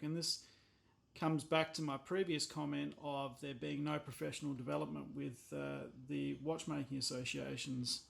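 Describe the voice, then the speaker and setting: A man's voice: on the high side, creaky. A man with an Australian accent, talking casually through a watch repair as a watchmaker, blunt and exasperated with a habit of swearing when annoyed. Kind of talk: casual workbench commentary.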